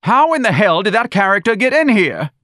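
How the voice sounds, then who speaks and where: A man's voice: high voice, sing-song, brisk, pushed and bright, no room sound, clean studio sound, voice pushed up, full character voice. A man voicing a harsh, bossy nightclub owner woman who barks her lines, in an audiobook. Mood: barking.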